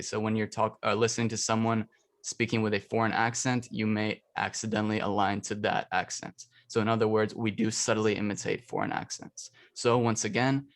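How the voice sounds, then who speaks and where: A young man presents his undergraduate research in a low, steady voice. He explains each point with frequent fillers and circles back to restate his main question. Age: young adult. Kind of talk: academic presentation. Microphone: computer mic for an online presentation.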